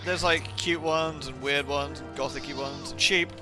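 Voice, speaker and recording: A man's voice: mid-range voice, fairly even intonation, moderate pace. A man chatting casually and playfully while live-streaming a game, reacting aloud and thanking viewers. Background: game music.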